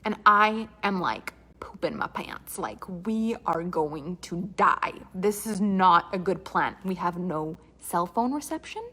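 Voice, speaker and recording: A woman's voice: on the low side, lively intonation, a little slow, hardly any pauses, bright, forceful tone. A woman from Canada telling a comic personal story with dramatic asides and quoted dialogue.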